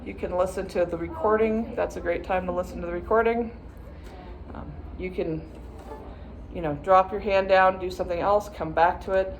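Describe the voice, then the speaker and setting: A woman's voice: lowish voice, fairly even intonation, moderate pace, a little hiss or hum. A woman viola teacher patiently walking students through practice steps, sometimes chanting rhythm words. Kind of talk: instructional practice walkthrough.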